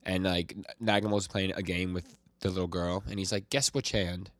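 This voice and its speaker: Low-voiced guy on a podcast, retelling comic scenes, dry close mic, laughs a lot. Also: level tone, a little fast, no echo. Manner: retells scenes, quoting characters with light voice shifts, frequent laughs and restarts. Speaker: podcast co-host. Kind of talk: casual chat recapping manga chapters.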